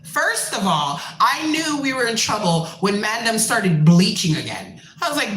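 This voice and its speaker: A woman's voice: fairly high pitch, unhurried, a little hiss or hum. Blunt, profane woman ranting in an echoey room. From Canada. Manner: profane, blunt, animated storytelling. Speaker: musician and show host. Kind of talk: casual rant.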